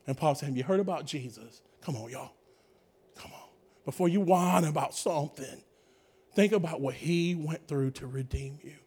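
A man preaching a sermon as pastor, swinging between shouted bursts and hushed asides while calling out to the congregation. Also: fairly high pitch, normal speed, slightly rough. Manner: energetic preaching with sudden shouts and hushed drops, calls to the congregation.

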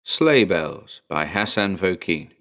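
A man with a fairly low voice reads a horror story aloud as a podcast host. His delivery is measured and deliberate, the scripted narration paced with care. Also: expressive, a bit bright.

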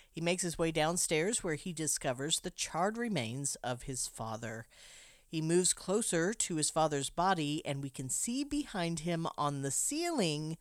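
A woman's voice: fairly low pitch, no echo. Dry-voiced woman recapping a film. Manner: wry, dramatic retelling with laughs. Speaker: podcast co-host recapping a film. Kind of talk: casual recap narration.

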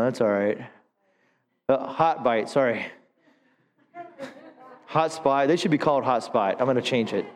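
A pastor preaching a sermon, calling for the congregation to answer and swinging between hushed stretches and rising appeals. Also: male voice, medium pitch. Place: church sanctuary. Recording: long hall reverb.

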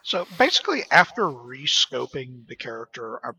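A man chatting casually on a tabletop game podcast, relaxed and halting, with some swearing. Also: medium pitch, gravelly. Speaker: podcast co-host, player. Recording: dull lo-fi recording.

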